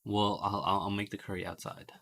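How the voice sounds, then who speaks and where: A man's voice: lowish voice, little pitch movement, brisk, gravelly, a bit bright. A sleep-deprived man streaming a game, rambling in a mock-professorial way and laughing often. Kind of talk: casual live-stream game commentary.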